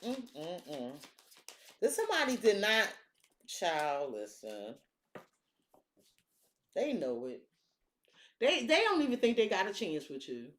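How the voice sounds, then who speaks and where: A woman's voice: mid-range voice, takes it slowly, pauses often. A woman giving a casual tarot reading, blunt, sassy and full of swearing, talking straight to the viewer and to her cards. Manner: blunt, profane, sassy and animated. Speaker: tarot reader.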